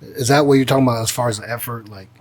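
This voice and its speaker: A man's voice: medium pitch, fairly even intonation, racing. A man hosting a podcast in a casual chat, reflective and laid-back, laughing often. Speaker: podcast host.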